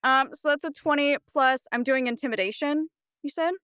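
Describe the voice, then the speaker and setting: A woman playing a tabletop role-playing game, talking in a playful, unhurried way. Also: sits high, sharp tone, dry recording, studio quality. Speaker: player.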